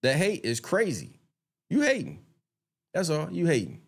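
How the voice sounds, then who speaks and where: A man's voice: a little high, wildly swooping pitch, normal speed, gravelly. A man doing casual live-stream commentary, talking straight to his viewers, swearing freely and getting heated and indignant when he rants.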